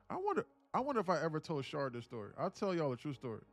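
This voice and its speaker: A man in his late twenties telling a story in a casual, profane, slangy way to a live stream chat. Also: on the high side. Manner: profane, slangy, animated retelling. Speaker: live-streaming day trader.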